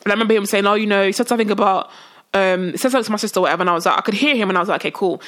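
Quick, bright-voiced woman. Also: medium pitch. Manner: animated, acts out quoted dialogue with voice changes. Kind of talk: casual storytelling chat.

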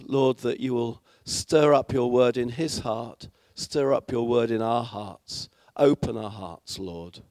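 A man with a British accent reads scripture aloud, slow and deliberate. His voice sits at an ordinary pitch and sounds dry and close, with little room around it. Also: a little mellow, no echo. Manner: slow, measured reading. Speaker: scripture reader. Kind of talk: scripture reading and prayer.

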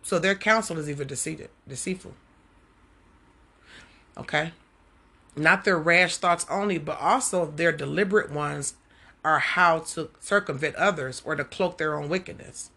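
Husky-voiced woman teaching scripture casually. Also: deep voice, moderate pace. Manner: animated, conversational, talks to listeners directly. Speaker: podcast Bible teacher. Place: at home.

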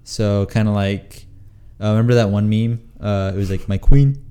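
Young male podcast host, low mellow voice, hesitant, filler-heavy casual talk. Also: flat delivery, moderate pace, clean tone. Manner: hesitant, many fillers, laughs often. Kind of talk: casual chat.

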